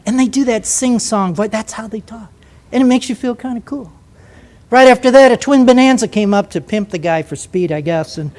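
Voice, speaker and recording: An older man, a former jet pilot, telling a story to an audience in a lively, vivid way. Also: very high-pitched, fairly quick.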